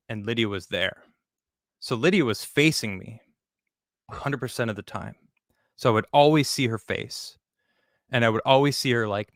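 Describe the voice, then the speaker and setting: A man speaking as a podcast guest, telling his story candidly and bluntly, with frequent swearing and halting restarts. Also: mid-range voice, a bit bright, no echo, clean studio sound. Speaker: podcast guest recounting his exit from a show.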